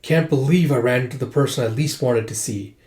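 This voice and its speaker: A man's voice: medium pitch, fairly quick, a little mellow, reverberant, natural voice. A man voicing a brash, cocky male warrior king from a comic, blunt and offhand.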